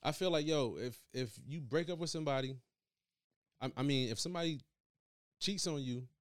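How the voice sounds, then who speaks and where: A man's voice: on the high side, moderate pace, no room sound, clean studio sound. Blunt, opinionated young man. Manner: blunt, opinionated, repeats catchphrases. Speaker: podcast co-host. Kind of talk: casual chat.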